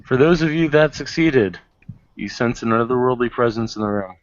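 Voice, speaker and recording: A man guiding players through a tabletop game, wry and matter-of-fact. His voice sits at an ordinary pitch, recorded dry and close with a dull, lo-fi sound. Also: animated, normal speed, no echo. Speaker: game master.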